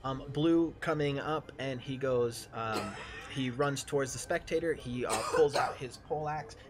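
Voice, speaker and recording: A man's voice: medium pitch, measured pace, heavy background noise. Hesitant man running a tabletop game. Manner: hesitant, many fillers, apologetic. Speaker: game master.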